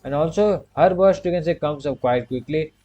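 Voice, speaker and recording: Mellow-voiced man narrating his gameplay. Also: fairly high pitch, moderate pace, muffled recording. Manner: talks himself through moves, repeats short commands, keeps saying "you can say". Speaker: gaming streamer. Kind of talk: casual gameplay commentary.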